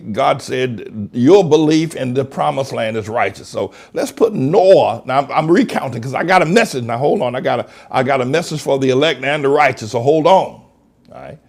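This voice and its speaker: A man preaching with a gravelly edge in his voice. His pitch rises and falls widely as he leans hard on words he wants to stress. He circles back over phrases while he builds his point. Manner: emphatic preaching, drawn-out stressed words, repeats himself. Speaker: pastor. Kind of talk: sermon broadcast.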